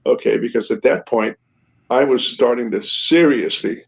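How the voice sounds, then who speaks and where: An older man telling a personal story in a casual, halting way, full of fillers and restarts, with wry laughs. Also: mid-range voice, gravelly. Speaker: podcast guest recounting a shootout. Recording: dull lo-fi sound.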